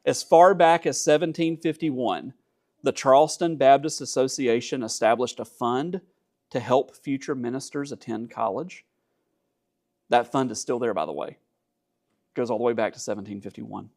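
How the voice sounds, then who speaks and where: Gravelly-voiced man lecturing on church history. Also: mid-range voice, normal speed, a little mellow. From Georgia. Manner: conversational, dry asides, frequent "uh" fillers. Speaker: teacher.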